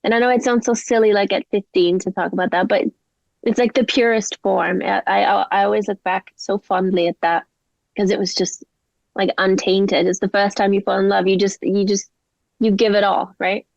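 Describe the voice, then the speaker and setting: A young woman from England speaks in a lively, chatty way, scattering casual fillers through her story. Her mid-pitched voice carries a gravelly, creaky edge. The recording is dry and a little dull, with the lo-fi feel of a podcast. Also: moderate pace, no echo. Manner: chatty, animated, many "like" fillers. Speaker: guest singer-songwriter. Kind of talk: casual interview chat.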